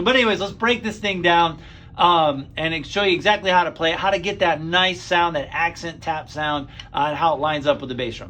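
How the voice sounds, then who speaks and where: A man giving a casual drum lesson in a relaxed, easygoing way, full of fillers, counting strokes aloud as he plays. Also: sits high. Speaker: drum teacher. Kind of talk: casual instructional talk. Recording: speech over loud drumming. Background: loud drum kit playing.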